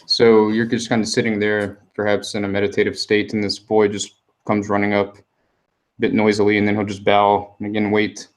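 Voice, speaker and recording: A man with a low, fairly flat voice narrates as game master. He talks loosely, with plenty of fillers, as he describes the scene. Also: fairly quick. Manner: relaxed, many fillers, describes scenes at length.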